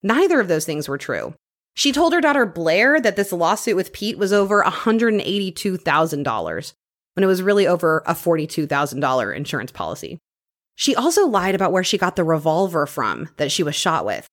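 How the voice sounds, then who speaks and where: A woman co-hosting a true crime podcast, telling the case in a lively, storytelling way and reading details aloud. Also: lowish voice, brisk. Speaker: podcast co-host.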